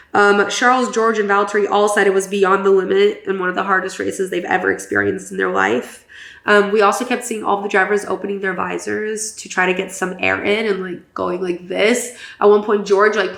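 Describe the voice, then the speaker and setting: A young woman co-hosting a podcast, giving a casual, animated race recap full of fillers. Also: mid-range voice, creaky, echoey room. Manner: chatty, filler-heavy, animated. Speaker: podcast co-host.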